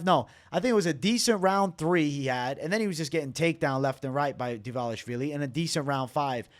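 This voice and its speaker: Male fight-show host with a slightly higher voice. Casual, profane, opinionated breakdown, worn out at an early hour. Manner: loose, opinionated, swears freely. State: tired, up very late. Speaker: MMA reaction channel host.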